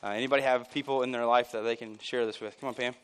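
A man preaching a sermon at a church service, emphatic and casual, jumping from loud bursts down to near-quiet lines and dropping in chuckling asides. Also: medium pitch, fairly even intonation, fast, clear, resonant tone. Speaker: pastor.

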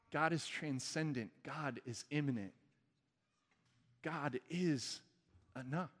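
A man's voice: medium pitch, big-room sound. A male pastor delivering an earnest sermon and leading a prayer. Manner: earnest preaching, soft prayerful close.

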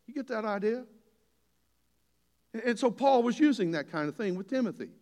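A man's voice: very high voice, animated, normal speed, a little mellow. An older man preaching a sermon as a pastor, folksy and earnest, building to emphatic points. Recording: long hall reverb.

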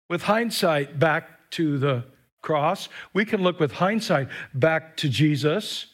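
A man preaching an animated sermon as pastor in a church, urging the congregation to say lines back and whooping between them. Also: a little high, slow pace. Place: church with live stream. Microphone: microphone.

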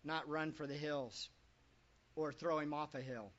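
A pastor preaching a sermon to a congregation, full of rhetorical questions and swinging between loud and quiet. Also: medium pitch, fairly even intonation, unhurried. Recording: dull lo-fi recording.

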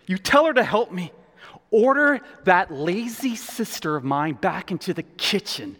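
A man puts on a frantic, overworked woman who has lost her patience. Her voice jumps into a piercing falsetto and rings through a long hall echo. She sounds shrill and fed up. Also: sing-song, measured pace, fairly bright tone, exaggerated voice. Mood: exasperated. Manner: shrieking in a high falsetto.

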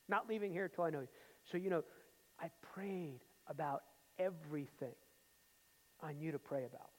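A man preaching a sermon, telling stories with emphasis and then dropping into quiet asides. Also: fairly high pitch, moderate pace. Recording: long hall reverb.

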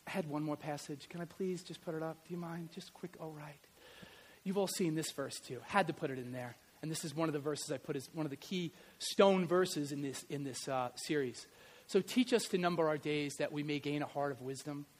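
A middle-aged man preaching a sermon, telling stories in a lively way and swinging from loud to quiet. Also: fairly high pitch, fairly quick, slight background noise. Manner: animated storytelling, varies loudness widely. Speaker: pastor and history teacher.

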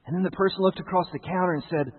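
A man's voice: sits high, steady tone, racing, slightly rough, in a large hall, narrow, tinny audio. A male pastor preaching a sermon, telling stories with jokes for the congregation.

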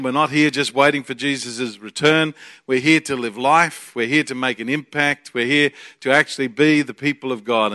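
A man's voice: medium pitch, fairly bright tone, dry recording, studio quality. An Australian man in his forties, a guest pastor preaching a chatty, joking sermon with bursts of energy.

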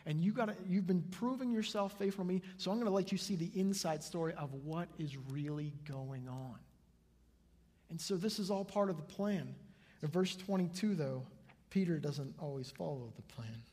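A male pastor preaching a sermon to his congregation, telling stories with lively energy and acting out the people in them. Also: on the high side, moderate pace, husky. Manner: lively storytelling, acts out the people in his anecdotes. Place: church sanctuary before a congregation. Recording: long hall reverb.

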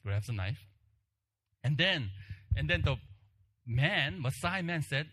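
Animated male preacher, fairly high voice. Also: slow pace, slightly rough. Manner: animated storytelling, acting out the crowd's shouts. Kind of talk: sermon with personal story.

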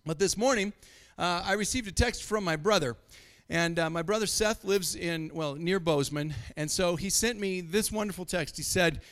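A man's voice: sits high, normal speed, a bit bright. A middle-aged man from Montana preaching a sermon, telling stories and chuckling often. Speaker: pastor.

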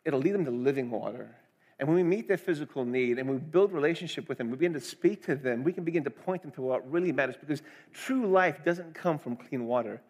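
A man's voice: a little high, quick pace, a little mellow. A middle-aged man preaching a sermon, earnest and conversational, asking the congregation questions. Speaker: pastor.

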